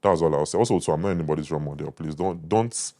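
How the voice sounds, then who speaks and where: A man's voice: very deep voice, fast talker, mellow. A young adult man with a Nigerian accent, a food critic guest talking confidently and emphatically in a casual interview.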